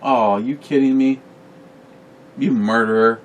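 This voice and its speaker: A man's voice: mid-range voice, slow, distant mic, highs cut off, slight background noise. A man co-hosting a casual home beer-review show, telling stories with crude jokes. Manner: crude joking, animated storytelling. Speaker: co-host of a beer review channel. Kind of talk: casual banter.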